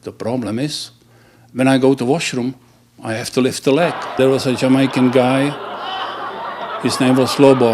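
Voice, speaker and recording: Halting man telling dirty jokes. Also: mid-range voice, a little mellow. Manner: halting, restarts words, laughs at own punchlines. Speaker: joke teller.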